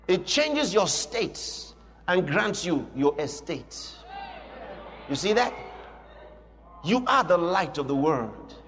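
A man's voice: fairly high pitch, sing-song, slow pace, pauses often, fairly bright tone, in a large hall. A man preaching a sermon with emphatic, repetitive declarations.

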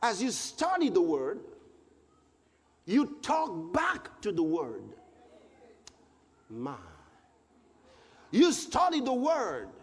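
A very high-pitched, husky man delivers a sermon in a lively, swooping voice, slowing down to press each point. He repeats his phrases and breaks into shouted scripture, his voice ringing through a large hall with faint noise behind it.

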